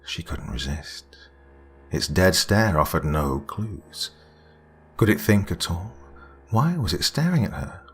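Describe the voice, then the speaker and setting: A man narrating a scripted horror story in a hushed, dramatic storytelling manner. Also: sits low, sing-song, slow, slightly rough, faint music behind.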